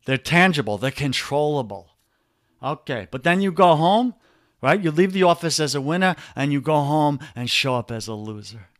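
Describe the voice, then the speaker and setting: A man's voice: fairly high pitch, lively intonation, moderate pace, no echo, studio quality. A man with a New York accent, a guest on a podcast interview, coaching listeners in an emphatic, preachy way and calling them brother.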